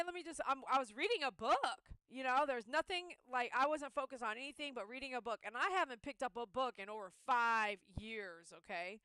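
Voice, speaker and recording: A woman's voice: high-pitched, sharp tone, clean tone, no room sound. A woman who runs a pet-grooming channel, talking in a casual, heartfelt monologue and telling stories by replaying her own inner voice.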